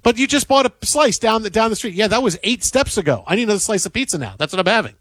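Sports talk co-host, male, high voice, dry close mic, repeats himself when fired up. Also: fast talker, no echo. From Detroit area. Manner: animated, repetitive, rants with mock indignation. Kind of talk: casual sports talk banter.

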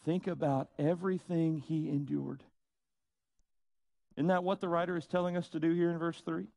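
A man preaching a sermon, slow and emphatic, with dramatic pauses and rhetorical questions. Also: on the high side, fairly even intonation, vocal fry, warm tone, no room sound. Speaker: pastor.

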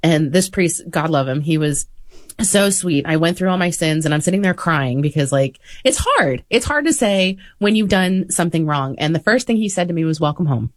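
Chatty woman with a low, dry voice. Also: lively intonation, moderate pace, no room sound. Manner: earnest, chatty, uses "like" often. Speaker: interviewer, host. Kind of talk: conversational interview.

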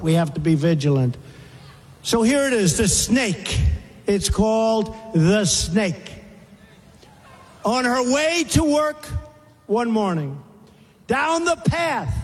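Man reciting a poem, very high voice, measured, deliberate, long hall reverb.

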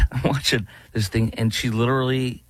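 A man's voice: mid-range voice, flat delivery, moderate pace, no echo. A male talk show host giving political commentary in a sarcastic, rambling way, often restarting his sentences. His voice sits in the middle range for a man. The sound is dry and close, with no room around it.

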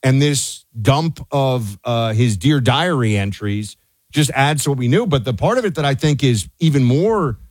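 A man's voice: medium pitch, lively intonation, normal speed, a little mellow, no room sound. A man co-hosting a talk radio show, delivering heated, indignant commentary with his voice leaping up in outrage. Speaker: radio co-host.

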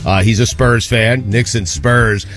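A man's voice: on the low side, steady tone, a little slow, a bit bright, soft background music. A man hosting a sports radio show in a casual talk, drawling and dropping fillers as he goes.

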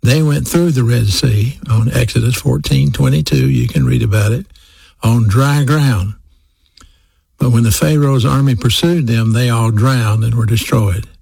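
A man preaching a sermon, slowing down and repeating key phrases for emphasis. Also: medium pitch, creaky, darkish tone, breathy edge, dry recording.

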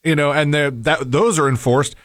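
A man co-hosting a talk show, chatting casually in a relaxed, hesitant way. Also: on the high side, moderate pace, dry recording, clean studio sound. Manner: relaxed, hesitant, many fillers.

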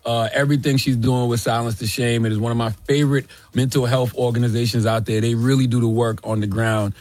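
A man's voice: mid-range voice, level tone, fast, a little mellow, no echo. A man co-hosting a radio show, supportive and affirming toward his guest. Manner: affirming, backchannels a lot. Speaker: radio co-host. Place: radio studio. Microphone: studio mic.

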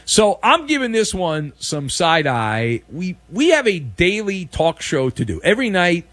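A man hosting a daily sports talk show, delivering sarcastic, mocking commentary with animated emphasis. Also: sits high, measured pace, no echo.

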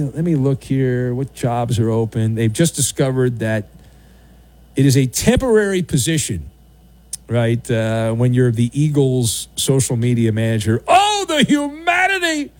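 A man's voice: on the high side, no echo. A man hosting a sports radio show, delivering a sarcastic, opinionated monologue with mocking asides. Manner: sarcastic, animated, mocking voices.

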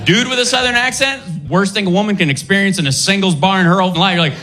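A man's voice: high voice, fast, hardly any pauses, noisy background. A man from Kentucky doing a stand-up comedy set, telling stories animatedly and mimicking other people. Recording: live club with loud audience. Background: crowd laughter.

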